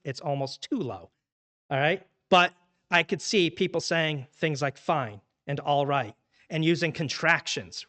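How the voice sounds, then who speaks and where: A man's voice: a little high, fairly bright tone. A man teaching a church Bible study in a conversational way, asking the class many questions. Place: church room.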